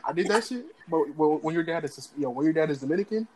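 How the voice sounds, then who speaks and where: A young man spins funny stories for his friends, his pitch swinging up and down as he goes. He laughs a lot and acts out the people in each story. His voice sits a bit high for a man. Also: animated, fast, a loud crowd, poor audio.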